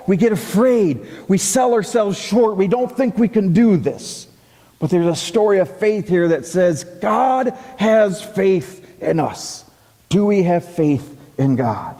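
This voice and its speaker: A man delivers a sermon from the pulpit, lively and dramatic as he acts out the doubts and replies of the people he quotes. His voice sits high for a man. The sound carries a long reverb, as in a church hall. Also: slow. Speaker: pastor.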